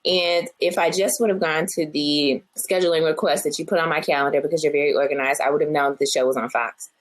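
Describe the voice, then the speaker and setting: A woman's voice: sits low, steady tone, quick pace. A woman co-hosting a casual podcast chat, telling stories and acting out her own thoughts in quotes. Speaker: podcast co-host.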